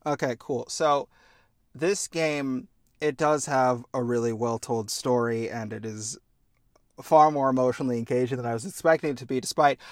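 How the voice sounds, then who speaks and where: A young man hosts a podcast, chatting casually and with enthusiasm while telling stories and swearing freely. His mid-range voice moves at normal speed, recorded in clean studio sound with no room noise.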